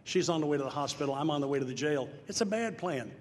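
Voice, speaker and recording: A fairly high-pitched older man from Nashville speaks quickly with lively intonation as he gives his recovery testimony to an audience in a large hall. Earnest and plain-spoken, he swells into loud emphatic lines amid long reverb and faint noise.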